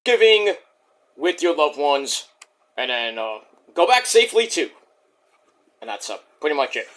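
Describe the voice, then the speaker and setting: A man's voice: on the high side, big pitch swings, measured pace, a bit bright. A man giving a brash, boastful, rambling spiel to open his own channel's video. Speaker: YouTuber.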